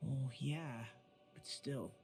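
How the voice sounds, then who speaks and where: A man's voice: medium pitch, slow pace, vocal fry. An actor playing a brash young male fighter in a game, blunt and earnest but haunted by his past. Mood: troubled. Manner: bluntly earnest, turns quiet and hesitant. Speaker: game character. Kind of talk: game dialogue acting. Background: game music.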